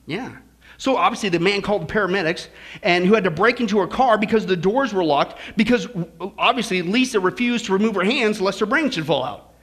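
A man's voice: high voice, fairly quick, a bit bright. A male pastor preaching a sermon in a church, folksy and joking, with shifting emphasis.

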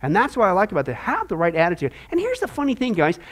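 A man with a high-pitched voice leads a Bible class for disciples. He talks in a chatty, animated way and leans on everyday analogies. He keeps checking in with the group, asking "okay?". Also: quick pace.

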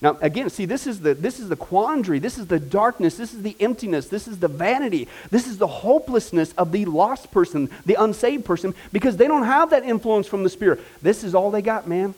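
A man with a high-pitched voice teaches a Bible class, talking in a lively, conversational way and often stopping to check in with the class. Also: a little fast, few pauses, slightly rough, rough recording. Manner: energetic, conversational, with frequent check-ins to the class.

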